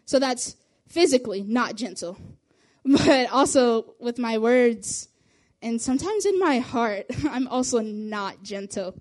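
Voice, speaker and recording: A young woman, a youth group leader, giving a casual spoken testimony, talking quickly and chattily with little laughs between phrases. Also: on the high side, expressive, a little mellow.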